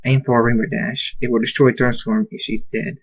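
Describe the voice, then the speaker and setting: A man's voice: mid-range voice, flat delivery, fairly quick, natural voice. A man doing a cold villainous pony queen. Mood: menacing. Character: villainous dark female pony leader. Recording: dull lo-fi recording.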